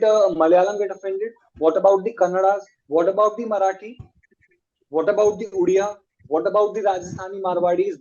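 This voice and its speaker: A man's voice: high voice, dark tone. A young man with an Indian English accent, a guest in a conversational interview, talking emphatically with rhetorical questions and frequent repetition. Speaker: guest, long-distance walker. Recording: dull lo-fi audio.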